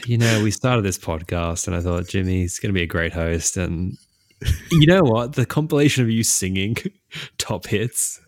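A man's voice: sits low, lively intonation, moderate pace, no echo, studio quality. A laid-back man, co-hosting a podcast in casual chat. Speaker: podcast co-host.

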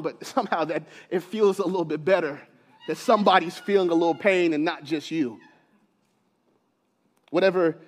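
A man preaches with a strikingly high voice. He is animated, repeating words as he builds each point and laughing between them. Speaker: pastor. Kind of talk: sermon.

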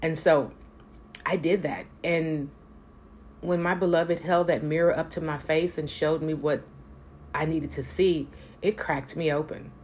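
A woman's voice: deep voice, fairly even intonation, measured pace, darkish tone, a little hiss or hum. A woman talking earnestly and emphatically about personal growth and spirit, swearing now and then for emphasis. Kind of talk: personal reflective talk to camera.

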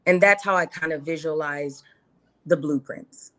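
A woman in her thirties with a low voice speaks unhurriedly as a guest on a podcast. In this casual interview chat she talks earnestly and with feeling, acting out quotes in her own words.

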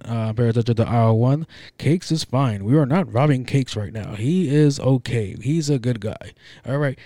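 A man voicing a male robber who makes a loud, mock-formal announcement to everyone in a store. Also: mid-range voice, moderate pace, no room sound, clean studio sound, lightly acted.

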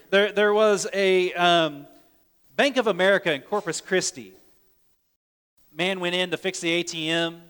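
A man preaching a sermon earnestly, swinging between loud urgent lines and hushed soft ones, often repeating words as he restarts. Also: sits high, clean tone, long reverb tail. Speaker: pastor.

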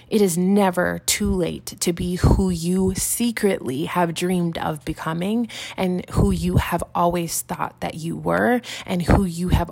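Female motivational podcast host, low-pitched with vocal fry, effusive and repetitive delivery. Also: a little mellow. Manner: gushing, repetitive, emphatic.

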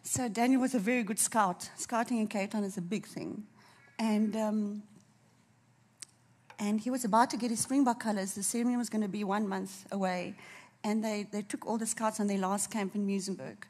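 A woman preaching a sermon, fervent and emotional, dropping to a soft near-whisper at tender moments. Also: mid-range voice, steady tone, brisk.

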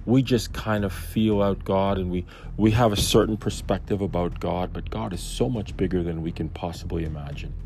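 A man's voice: deep voice, fairly even intonation, moderate pace, few pauses, darkish tone, faint music behind. A man giving a casual Bible commentary, musing and thinking aloud as he questions himself. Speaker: Bible study teacher.

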